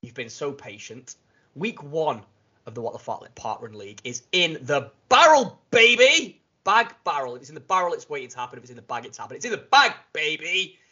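A man's voice: mid-range voice, quick pace, bright, forceful tone, breathy edge, lo-fi sound. A man hosting a casual podcast, jokey and enthusiastic, with big bursts of laughter. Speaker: podcast host.

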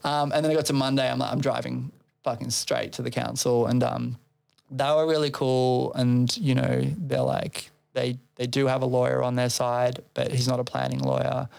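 A man's voice: medium pitch, level tone, normal speed, vocal fry, darkish tone, clear, resonant tone. A man who organizes a festival, telling a long story in casual chat, swearing freely and laughing between phrases.

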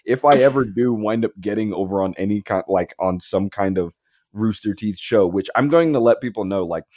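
A man telling a long story on a podcast, chatty and loose with his words, with sudden leaps up in pitch when he quotes people. The sound is dry and close, with no room around it. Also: brisk, no echo. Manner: animated, acts out quotes with big pitch jumps and laughs; heavy use of "like" and "and whatnot". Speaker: podcast co-host. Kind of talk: casual storytelling chat.

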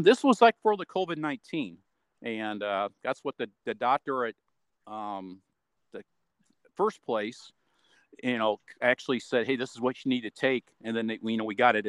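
A man's voice: mid-range voice, normal speed, a bit bright, no echo. A man talking in a loose, rambling way as an interview guest, with many fillers along the way. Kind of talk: casual spoken account.

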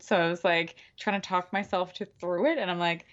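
Lower-voiced chatty woman, muffled recording. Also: steady tone, brisk, few pauses, a bit bright. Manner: chatty, laughing, acts out her own thoughts. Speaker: podcast co-host and TV show cast member. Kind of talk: casual interview chat.

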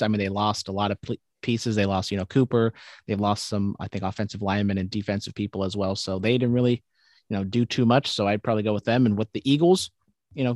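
A man's voice: on the low side, darkish tone, dry recording, clean studio sound. A man co-hosting a podcast, chatting casually about sports with lots of fillers. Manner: quick, filler-heavy talk. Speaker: podcast co-host.

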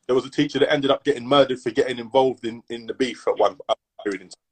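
A man, co-hosting a podcast in a laid-back, halting way full of slang and restarts. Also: medium pitch, fairly even intonation, breathy edge, poor audio. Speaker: podcast co-host. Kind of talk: casual chat.

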